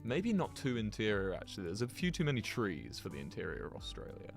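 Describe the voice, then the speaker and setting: A man's voice: lowish voice, wildly swooping pitch, fast talker, vocal fry, faint music behind. A man giving rambling, chatty commentary to his viewers while he plays a geography game, laughing often. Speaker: streamer.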